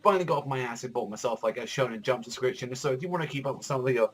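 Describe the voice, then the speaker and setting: A man's voice: mid-range voice, racing, slightly rough. A young man reviewing a manga chapter in a casual, rambling way, swearing often and filling his talk with "like". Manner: rambling, profane, heavy use of filler "like".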